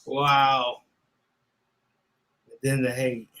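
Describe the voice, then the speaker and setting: A man's voice: medium pitch, level tone, extremely slow, sharp tone. A man co-hosting a casual podcast, upbeat, reading sponsor plugs and telling stories. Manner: upbeat, reads sponsor ads, tells stories. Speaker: podcast co-host. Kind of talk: casual live-stream chat.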